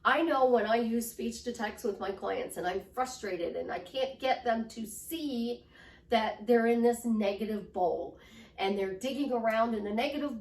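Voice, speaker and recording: A woman's voice: fairly high pitch, darkish tone, recorded from a distance. Woman life coach, enthusiastic motivational teaching, shifting tones, echoey room. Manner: enthusiastic, demonstrates tone shifts by swinging her voice up and down. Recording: roomy echo, voice from off-mic.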